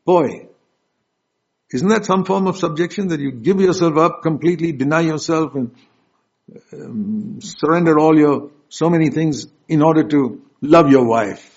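A man preaching a sermon, emphatic and direct, questioning his congregation, with loud stresses and soft asides. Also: a little high, measured pace. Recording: dull lo-fi recording.

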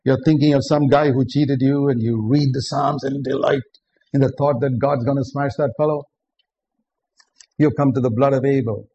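A man's voice: mid-range voice, steady tone, normal speed, warm tone, husky. A man preaching a sermon, earnest and direct, often putting questions to the listeners. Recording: dull lo-fi recording with faint background noise.

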